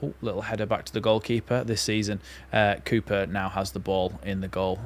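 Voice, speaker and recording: Young male fan host, low-pitched, live football commentary, excitable. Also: fairly quick. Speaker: watchalong host.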